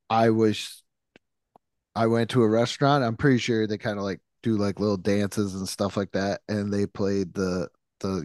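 A man's voice: on the low side, dry recording, clean studio sound. A man from New York co-hosting a podcast, rambling through stories, acting out quotes and laughing often. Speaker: podcast co-host. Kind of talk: casual chat.

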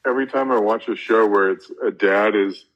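Husky-voiced male co-host, lo-fi sound. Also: lowish voice, fairly quick. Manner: stammering repeats, easygoing storyteller. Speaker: podcast co-host. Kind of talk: casual chat.

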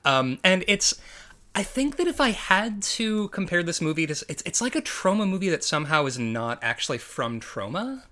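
A man's voice: high voice, very animated, normal speed, pushed and bright. A man co-hosting a podcast, talking casually about movies in a rambling way, with lots of fillers and restarts. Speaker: podcast co-host.

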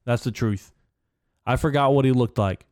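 On his solo podcast, a young host goes on a casual, profane, sarcastic, rambling rant, speaking close to a studio microphone. He talks at a moderate pace in a mid-range, slightly mellow voice, with a dry sound.

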